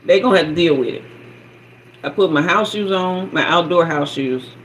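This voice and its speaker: A woman host telling a personal story in a sassy, animated way, acting out sounds and quoted dialogue. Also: lowish voice, normal speed, slight background noise, rough recording. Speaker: spiritual guide and channel host.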